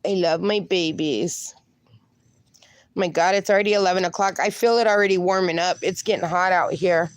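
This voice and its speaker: A woman's voice: lowish voice, normal speed, dry recording. A woman hosting a casual live stream outdoors with her dogs, chatting and reading viewer comments aloud, slipping into baby talk for her pups. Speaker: livestream host.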